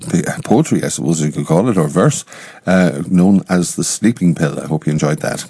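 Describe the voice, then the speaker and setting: A radio presenter with a very deep, dark and husky voice reads out dedications in an unhurried, easygoing way, pausing for an "uh" here and there. His pitch moves about a lot, and the sound is dry and close. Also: no room sound.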